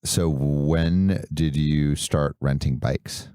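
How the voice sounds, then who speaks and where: A man's voice: extremely low pitch, steady tone, very slow, warm tone, clear, resonant tone, no room sound, studio quality. A male podcast host who keeps his guest going with short, prompting questions. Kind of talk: interview questions.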